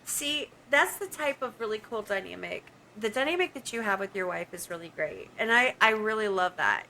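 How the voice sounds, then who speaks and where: Bright, lively woman co-hosting a podcast. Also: medium pitch, normal speed, creaky, slight background noise, low-quality recording. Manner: outspoken, laughs often, emphatic. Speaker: podcast co-host. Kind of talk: casual podcast chat.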